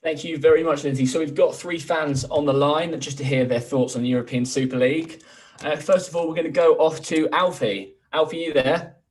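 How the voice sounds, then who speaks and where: A man's voice: fairly high pitch, fairly even intonation. A young man from England hosting a talk show in an upbeat, chatty way. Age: young adult. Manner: quick, upbeat, chatty with fillers. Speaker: host.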